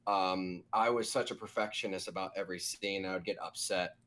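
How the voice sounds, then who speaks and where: A man's voice: low-pitched, steady tone, fairly quick, fairly bright tone. A man who voice-directs abridged series, talking thoughtfully in a casual podcast chat with many restarts.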